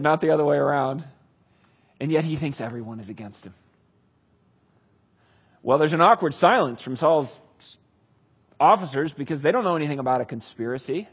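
A man retelling a Bible story with casual, animated commentary. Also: medium pitch, husky. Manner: animated, conversational. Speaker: Bible teacher.

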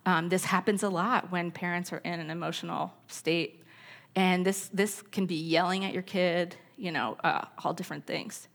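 A woman's voice: fairly low pitch, fairly even intonation, moderate pace, creaky, fairly bright tone. A middle-aged woman giving a candid church talk on parenting, mixing personal stories with scripture quotes. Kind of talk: sermon-style teaching talk.

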